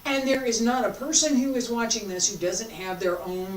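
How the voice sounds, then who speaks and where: A woman teaching a qigong class, guiding breath and movement with slow, coaxing, drawn-out phrases and long pauses. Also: mid-range voice, slight background noise. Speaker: qigong instructor. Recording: roomy sound from a distant mic.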